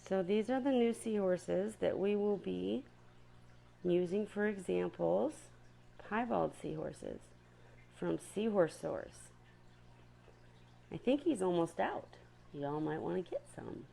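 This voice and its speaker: A woman's voice: on the low side, lively intonation, slow, vocal fry, long pauses, dark tone. A woman chatting casually to viewers on a live stream about her seahorses, often stopping to apologize.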